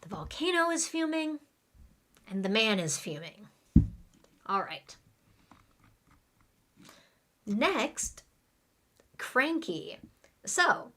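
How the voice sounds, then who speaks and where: A woman's voice: mid-range voice, fairly bright tone. A woman English teacher giving a live online lesson, explaining words in plain terms and leading repeat-after-me drills.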